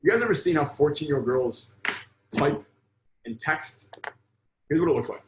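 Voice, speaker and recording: A man's voice: fairly high pitch, expressive, moderate pace, reverberant, slight background noise, low-quality recording. Blunt, profane man teaching a sales lesson. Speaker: sales coach. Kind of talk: live online sales lesson.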